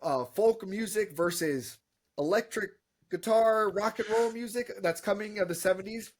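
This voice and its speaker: A man's voice: high-pitched, normal speed. A man co-hosting a podcast, reviewing a film in casual, rambling chat full of fillers.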